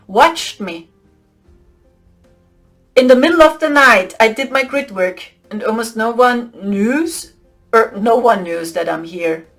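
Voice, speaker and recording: Woman host, spiritual storyteller, high voice, slow delivery, laughs often; faint music bed. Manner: laughs often, excitable, conspiratorial whispers.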